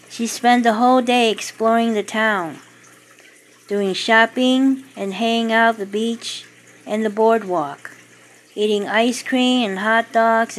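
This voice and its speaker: A woman narrating her own short story in an even, steady reading voice. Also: medium pitch, poor audio. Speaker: author and narrator.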